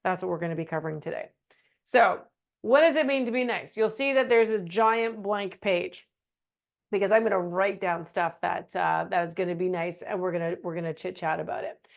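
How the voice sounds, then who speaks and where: A middle-aged woman presenting a webinar in a casual, animated teaching style, slipping into meek voices for examples. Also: on the low side, normal speed, vocal fry. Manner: animated, acts out quoted phrases in a meek voice.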